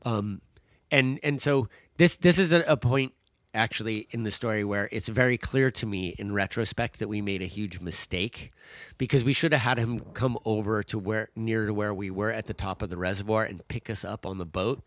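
A man's voice: fairly low pitch, moderate pace, fairly bright tone, dry recording, studio quality. A man casually telling a long story about a hike, with many fillers and restarts. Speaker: guest, father telling a hiking story.

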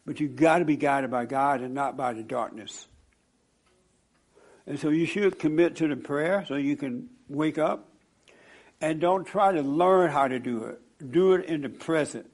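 A man preaching and counseling a congregation, telling stories in an animated way. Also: a little high, moderate pace. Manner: animated, storytelling, laughing at own stories. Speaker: pastor. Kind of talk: sermon with audience counseling.

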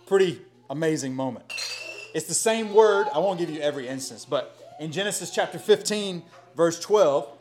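A middle-aged man preaching a sermon in a conversational, animated way with folksy asides. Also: on the high side. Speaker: pastor.

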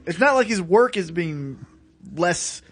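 A man co-hosting a podcast in a fairly high voice with a lively pitch. He mostly drops wry short replies and curses freely. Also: slow, breathy edge. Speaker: podcast co-host. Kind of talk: casual podcast chat.

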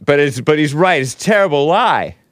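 A male talk show host rambles through sarcastic commentary and laughs at his own asides. His voice is smooth and resonant. It sits close and dry, with no room sound. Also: fairly high pitch, expressive, brisk, fairly bright tone, no echo. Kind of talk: casual commentary playing clips.

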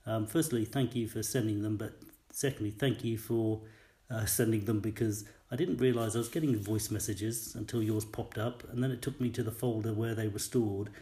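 A man with a low, mellow voice leaves a rambling, apologetic voice message. He wanders off on tangents and reins himself in. The room around him echoes noticeably. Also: fairly even intonation, normal speed. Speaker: caller leaving a voice message. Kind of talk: casual voice message.

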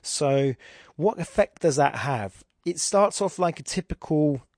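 A man with an Irish accent hosts a podcast, casually talking through a poem's form and thinking aloud with frequent restarts. His voice is a little high, a little mellow, and animated, at a measured pace, recorded with studio quality and no room sound.

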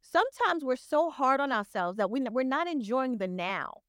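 A woman with a fairly high voice, talking as a guest on a podcast. She speaks in an earnest, motivational way, urging the listener on. The recording is dry and close. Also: big pitch swings, moderate pace, fairly bright tone, no room sound. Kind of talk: casual podcast conversation.

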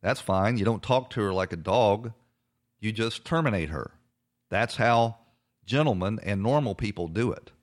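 A man's voice: on the low side, moderate pace. A man hosting a political talk show, giving indignant commentary with many hesitations and fillers. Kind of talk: conservative radio talk commentary.

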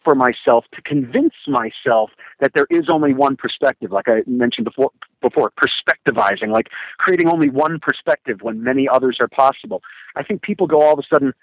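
A man's voice: medium pitch, lively intonation, a little fast, no echo, rough recording. A man talking as a podcast guest, an emphatic storyteller who acts out other people's thoughts. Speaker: guest, motivational speaker and hardcore singer. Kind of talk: animated podcast conversation.

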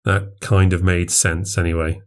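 A man's voice: low-pitched, level tone, measured pace. A man narrating a first-person horror story for a podcast, in a confessional, plainspoken way.

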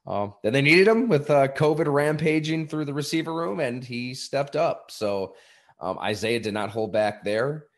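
A man hosting a sports podcast, talking eagerly and a little out of breath, with lots of fillers. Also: on the low side. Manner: eager, rambling promo with fillers. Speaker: podcast host. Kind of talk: casual podcast talk.

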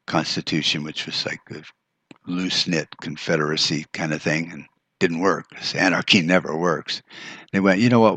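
A man's voice: low voice, a bit bright, slightly rough, dry recording. An American man hosting a podcast, delivering a blunt, frustrated monologue full of swearing. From United States. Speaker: podcast host. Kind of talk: profane ranting monologue.

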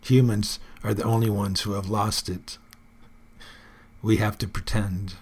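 A man's voice: fairly low pitch, flat delivery, measured pace, darkish tone, breathy edge. A man hosting his own personal report, musing aloud in an earnest, casual monologue.

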